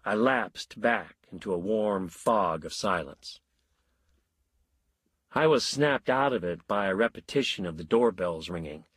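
A man narrating a story in a wry, measured way. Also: fairly low pitch, expressive, a bit bright, breathy edge, no room sound.

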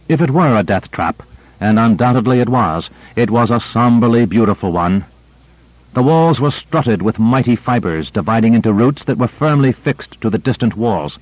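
Steady male audiobook narrator, lo-fi. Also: medium pitch, dry recording. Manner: steady, measured reading. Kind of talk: scripted narration.

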